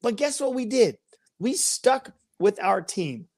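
A woman's voice: on the high side, very animated, slow, a little mellow, dry recording, studio quality. A woman co-hosting a casual sports chat, ranting and mocking rival fans. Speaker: podcast co-host.

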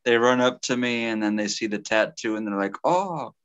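A man's voice: fairly low pitch, little pitch movement, brisk, a bit bright, smooth, lo-fi sound. A man in casual crude banter, joking dryly and at his own expense. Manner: dry, self-deprecating.

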